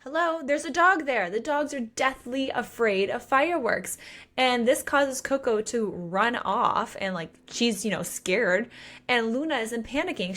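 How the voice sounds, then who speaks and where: A woman in her thirties co-hosting a casual book podcast, animated and acting out characters' lines. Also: on the high side, unhurried. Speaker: podcast co-host.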